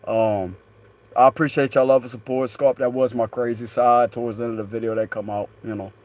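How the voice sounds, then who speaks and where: A man's voice: mid-range voice, steady tone, brisk, darkish tone. A man chatting casually to viewers on his phone, joking, laughing often and swearing freely. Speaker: spiritual tarot channel host. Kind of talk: casual rambling chat to viewers.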